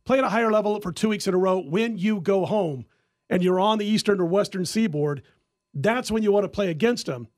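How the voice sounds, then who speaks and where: A man hosting a casual sports-betting podcast, an animated storyteller who laughs often. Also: high-pitched, a little fast, dry recording, studio quality. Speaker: podcast host and sports handicapper.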